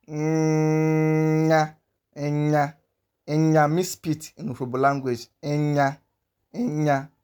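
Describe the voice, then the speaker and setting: A man with a slightly high voice teaches pronunciation. He talks slowly and patiently and repeats each sound again and again so learners can copy it. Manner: slow and patient, repeating sounds many times. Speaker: language teacher. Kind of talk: pronunciation lesson.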